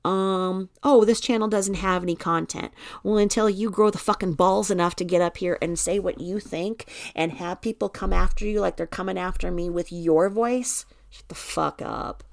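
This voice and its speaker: A woman's voice: fairly even intonation, moderate pace, creaky, no room sound, studio quality. A woman hosting a casual true-crime live stream, reading viewer comments aloud and answering bluntly, sometimes swearing and dropping to a mutter. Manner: often drops to a low mutter while reading the screen. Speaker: true-crime video host.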